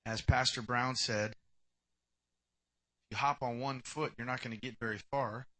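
A man preaching a sermon, animated and conversational, acting out short bits of dialogue and swinging between loud bursts and quiet asides. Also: mid-range voice, normal speed.

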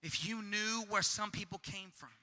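Male preacher, fervent and repetitive, high piercing voice, reverb-heavy hall. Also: normal speed. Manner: fervent, repetitive, builds to shouting. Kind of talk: sermon.

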